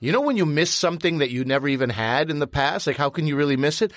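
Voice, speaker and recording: A man's voice: fairly high pitch, expressive, quick pace, fairly bright tone, dry recording, studio quality. A man in his forties from Canada, co-hosting a casual chat show, jokey and talkative, hungover. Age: 40s. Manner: chatty, jokey, puts on mock voices. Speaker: podcast co-host.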